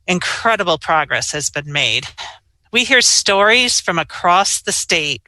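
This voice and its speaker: A middle-aged woman gives measured, explanatory briefing remarks as a state health official. Her voice is bright and forceful, and it sits dry and close to the microphone with no room sound around it. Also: on the low side, no echo.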